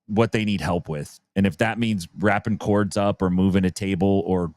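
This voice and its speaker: A man's voice: low-pitched, fairly even intonation, moderate pace, a little mellow, dry recording. A man co-hosting a podcast in easygoing, chatty talk, laughing now and then. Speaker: podcast co-host. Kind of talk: casual chat.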